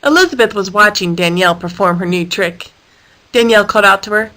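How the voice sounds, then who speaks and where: A woman reading a children's story aloud in a playful, expressive manner. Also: medium pitch, brisk, poor audio. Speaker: storyteller for a homeschool course. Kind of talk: storybook read-aloud narration.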